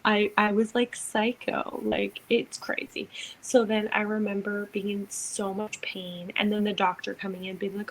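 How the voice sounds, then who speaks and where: A young woman co-hosting a podcast, telling a personal story in a casual, animated way, acting out quotes and using lots of fillers. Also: medium pitch, normal speed, few pauses, low-quality recording. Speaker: podcast co-host, doula.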